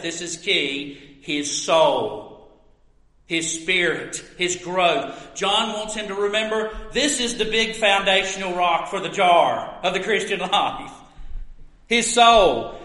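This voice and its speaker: A man with a high, bright voice preaches earnestly and unhurriedly, leaning on key words. His voice rings through a roomy church sanctuary with a long echo. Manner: earnest, emphatic preaching with pauses. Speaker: pastor. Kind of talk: expository sermon.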